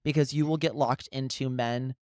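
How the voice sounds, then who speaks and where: Podcast co-host: young man, mid-pitched, chatty and loose, laughs easily. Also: fairly even intonation, normal speed, darkish tone, smooth, no echo, clean studio sound. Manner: chatty, laughs often, lots of filler "like". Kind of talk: casual chat.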